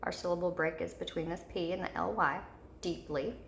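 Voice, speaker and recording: A woman teacher giving a slow, repetitive recorded video lesson to third graders. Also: lowish voice, steady tone, gravelly, echoey room, slight background noise.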